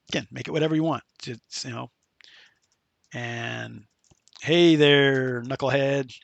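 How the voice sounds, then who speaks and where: A man hosting a casual screen-share software tutorial, chatty and loose, with many fillers and restarts. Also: medium pitch, vocal fry, no room sound. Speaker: tutorial host.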